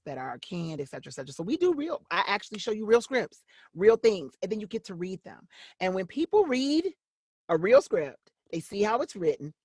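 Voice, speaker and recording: A woman's voice: fairly low pitch, no echo, studio quality. A middle-aged woman, a voice-over actress and coach, talking animatedly in an interview. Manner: animated, acts out quoted voices. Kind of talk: interview conversation.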